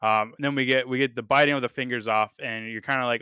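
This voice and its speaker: Bright, clear-voiced man chatting casually. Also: mid-range voice, steady tone, quick pace, no echo, clean studio sound. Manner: rambling, enthusiastic, many fillers and casual swearing. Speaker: podcast host reviewing a TV series. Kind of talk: casual chat.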